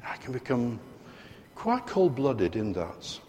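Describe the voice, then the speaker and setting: A British man preaching a sermon in a large church hall, his voice trailing off into a long reverb. He speaks at a middle pitch and leans on his key words, turning to the congregation with questions. The tone is emphatic and direct. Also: huge pitch swings, takes it slowly, a little mellow.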